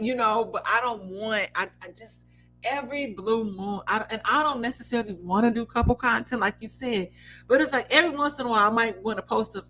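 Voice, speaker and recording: A woman's voice: fairly high pitch, pushed and bright, rough recording. A young woman chatting candidly on a podcast, blunt and full of fillers as she stretches her stories out. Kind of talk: casual chat.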